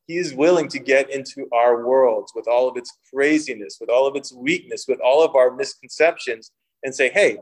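A young man preaching a sermon, mixing humorous personal stories with scripture and lively voiced quotes. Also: medium pitch, normal speed, poor audio. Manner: storytelling with humor, animated quoting. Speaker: pastor.

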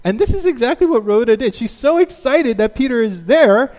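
A man preaching a sermon as a pastor, telling stories in an animated way and acting out the quotes. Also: very high voice, a little fast, in a large hall.

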